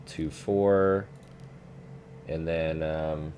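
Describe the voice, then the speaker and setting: A young man streaming a flight sim chats in a relaxed way, swearing now and then and often saying "dude." His voice is very deep with drawn-out words, and there's a little hiss or hum.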